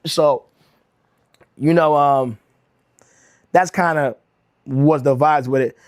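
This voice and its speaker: A man's voice: fairly high pitch, steady tone, slow, no echo, clean studio sound. A young man from Connecticut telling a rambling, slangy story on his livestream, saying bro a lot and often restarting his sentences. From Connecticut, USA. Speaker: rug-making livestreamer.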